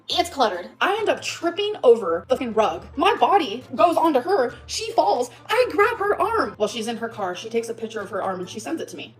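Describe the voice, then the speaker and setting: A woman vlogger ranting emotionally in a rambling, profane way. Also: on the high side. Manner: rambling, profane, shifts between laughing and upset. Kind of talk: emotional vlog rant.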